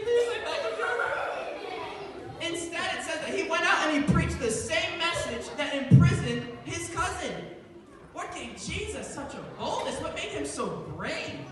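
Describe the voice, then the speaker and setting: Animated young man preaching in an echoey hall. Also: very high voice, far from the mic. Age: young adult. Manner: animated, playful, laughing often. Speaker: youth devotion speaker. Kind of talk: comic youth sermon. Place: indoor hall with children. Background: children's audience and room noise.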